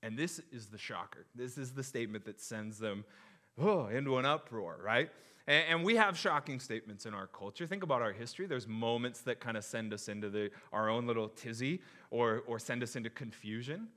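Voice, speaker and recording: Bright-voiced animated young male pastor. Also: mid-range voice, fairly quick. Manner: animated, jokey, acts out crowd reactions. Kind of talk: sermon.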